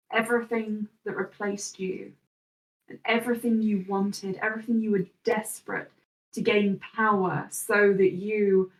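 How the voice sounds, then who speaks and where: A woman narrating a tabletop role-playing game as game master, in slow, measured second-person description. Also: medium pitch, roomy sound, recorded from a distance, poor audio.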